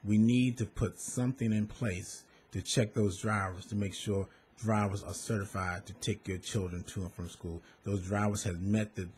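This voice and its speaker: A man's voice: lowish voice, fairly even intonation, moderate pace, few pauses, a little mellow, slight background noise. A man, a former bus contractor, speaking earnestly to parents, repeating and stressing his points. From Maryland. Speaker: school bus safety advocate, former contractor. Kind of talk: direct public appeal to parents.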